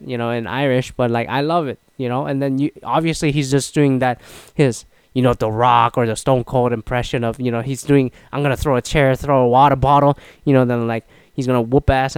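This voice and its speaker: A man's voice: medium pitch, clear, resonant tone, dry recording. A man talking casually in an opinion monologue, rambling with many fillers and restarts. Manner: rambling, lots of "you know" fillers and restarts; animated when quoting others.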